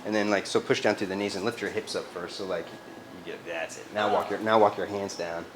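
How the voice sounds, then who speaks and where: A man's voice: deep voice, fairly even intonation, a little fast. A man teaching a live yoga class, giving cues in a casual, loose way and swearing freely. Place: yoga studio. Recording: echoey studio, faint ambient noise.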